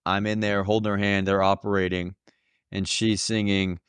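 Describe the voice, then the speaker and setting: A man's voice: fairly low pitch, flat delivery, normal speed, clean tone, dry recording. A young man casually telling a personal story on a podcast, earnest and emotional and laughing often. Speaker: podcast host, new father.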